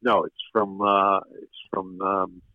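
Older male producer guest, low pitch, meandering anecdotes, muffled lo-fi broadcast. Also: level tone, takes it slowly, dry recording. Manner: rambling, many fillers and restarts. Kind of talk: casual interview storytelling. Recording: dull lo-fi radio sound.

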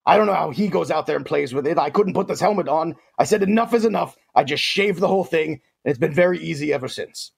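A man's voice: fairly high pitch, lively intonation, fast talker, few pauses, heavily acted. A man playing a smug, grandiose alien warlord in a comic sports segment, pompous and talking about himself in the third person. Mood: grandiose, playful. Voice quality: gravelly, husky. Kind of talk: comic sports picks in character.

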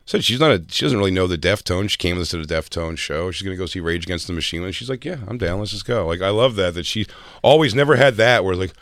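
A man co-hosting a comedy podcast, chatting crudely and jokingly, acting out quotes in loud bursts. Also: deep voice, lively intonation, quick pace, no room sound, clean studio sound. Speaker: podcast co-host. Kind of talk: casual comedy podcast chat.

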